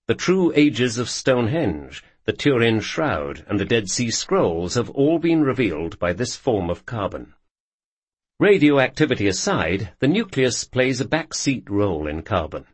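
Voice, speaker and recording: Husky, animated male nonfiction narrator. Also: medium pitch, dry recording.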